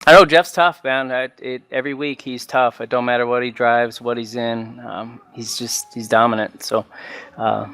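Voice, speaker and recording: A man with an American accent, a runner-up driver answering in a halting way with many fillers. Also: medium pitch, fairly even intonation, a bit bright, clean tone.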